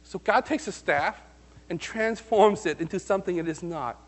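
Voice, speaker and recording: A male preacher delivers a sermon with a slightly raised pitch. He talks to the congregation casually and keeps firing questions at them. He swings between bursts of energy and quieter stretches. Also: moderate pace. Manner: animated, conversational, asks the congregation questions. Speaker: pastor.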